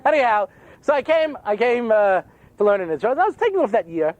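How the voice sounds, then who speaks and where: A man's voice: very high-pitched, a little fast, no echo, lo-fi sound. An older man giving a humorous lecture as a rabbi, telling stories and acting out quotes. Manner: animated storytelling with jokes and acted-out quotes.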